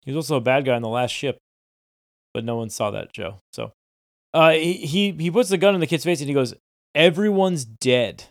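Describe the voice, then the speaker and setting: A man's voice: medium pitch, brisk, no room sound, studio quality. A man co-hosting a podcast, narrating TV scenes in casual chat with filler words and quoted lines. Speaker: podcast co-host.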